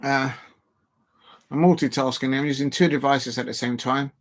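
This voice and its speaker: A man streaming a football watch-along, chatting casually and bursting into excited shouts at the match. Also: medium pitch, moderate pace. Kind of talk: casual live commentary.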